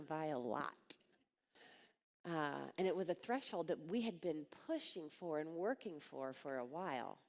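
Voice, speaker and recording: A woman's voice: sits low, expressive, a little slow, in a large hall. A woman giving a live talk on coaching at a conference, telling stories bluntly and directly and acting out the voices of people she quotes. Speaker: coaching business speaker. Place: large conference hall.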